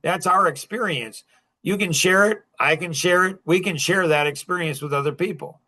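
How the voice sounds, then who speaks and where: A man with a high, bright, forceful voice lectures a group as their coach. He talks bluntly and with heavy emphasis, scolding his listeners and pushing them hard. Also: moderate pace.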